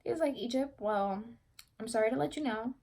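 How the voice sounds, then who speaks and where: A woman's voice: fairly high pitch, a little fast, gravelly, darkish tone. A young woman vlogger casually retelling a story to camera, rambling and correcting herself as she goes.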